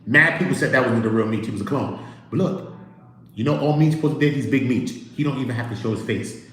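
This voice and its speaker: Animated man hosting a livestream, echoey room. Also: medium pitch, quick pace. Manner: animated storytelling, acts out quotes, talks to chat. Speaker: livestream host. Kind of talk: casual livestream commentary.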